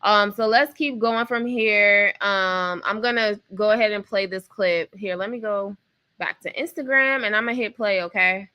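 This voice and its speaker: A woman hosting a casual live stream, chatting with her viewers and filling pauses with drawn-out ums. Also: medium pitch, smooth, lo-fi sound. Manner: chatty, addresses the chat, drawn-out fillers. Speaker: host.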